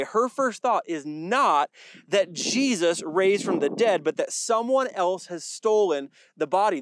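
Male pastor, high voice, conversational sermon delivery with wry asides, dry recording. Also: no room sound. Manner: conversational preaching with dry jokes and repeated phrases.

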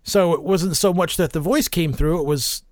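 A man hosting a casual interview, telling stories in an animated way and laughing often. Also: fairly high pitch, normal speed, no echo. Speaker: podcast host.

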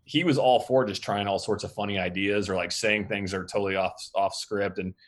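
A film director being interviewed, talking casually with many fillers and restarts, acting out quotes from the set. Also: male voice, lowish voice, steady tone, brisk. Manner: rambling, filler-heavy, acts out quotes.

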